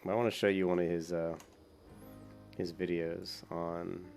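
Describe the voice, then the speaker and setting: A man with a deep, creaky voice chats casually about his game as he plays. He wanders between thoughts and leans on fillers. Faint music sits underneath. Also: flat delivery, a little slow, a little mellow. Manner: rambling, with many fillers. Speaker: gaming YouTuber. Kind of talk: casual gameplay commentary.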